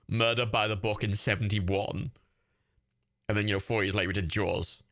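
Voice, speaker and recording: A man's voice: lowish voice, steady tone, normal speed, fairly bright tone. A man, hosting a livestream and giving casual, rambling watch-party commentary. He swears freely and laughs often. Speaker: livestream host.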